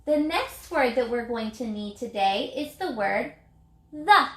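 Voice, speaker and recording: A woman teacher giving a reading lesson to young children, speaking clearly and sounding out words in a sing-song way. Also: fairly high pitch, expressive, a little slow, roomy sound.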